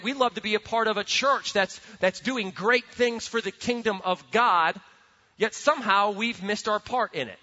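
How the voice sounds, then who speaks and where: A man preaching a sermon as a pastor, earnest and animated, often repeating words as he builds a point. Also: high-pitched. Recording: dull sound with long hall reverb.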